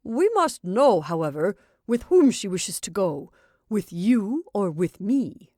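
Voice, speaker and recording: A woman voicing an excitable, sulky young male traveller in a dry, close recording. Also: mid-range voice, slow, dry recording. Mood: excited. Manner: agitated, sulky. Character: excitable, grumbling young Frenchman travelling companion.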